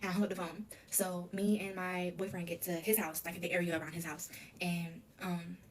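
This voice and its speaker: A woman's voice: on the low side, flat delivery, slight background noise. A woman recounting her own past in a casual storytime confession, talking emotionally with lots of "like". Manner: rapid, emotional retelling full of "like".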